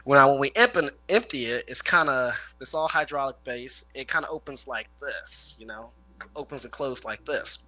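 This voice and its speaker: Twangy Midwestern man, sharp bright voice. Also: medium pitch, lively intonation, moderate pace, low-quality recording. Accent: rural Midwestern country twang. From Illinois/Indiana area. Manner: rambling storyteller, swears freely. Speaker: guest, former garbage man. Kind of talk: casual chat.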